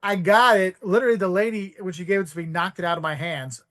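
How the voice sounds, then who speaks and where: High-pitched guy rambling about his travels, dry close sound. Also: fast talker, no room sound. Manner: rambling, animated, acts out voices in quotes. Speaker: podcast guest, travel video creator. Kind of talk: casual storytelling.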